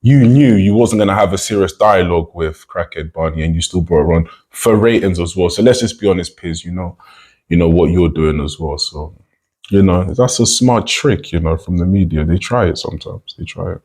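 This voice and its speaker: A British man giving casual reaction commentary with a husky, slightly low voice. He is chatty and drops "you know" all through his talk. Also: brisk, a little mellow. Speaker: commentary YouTuber.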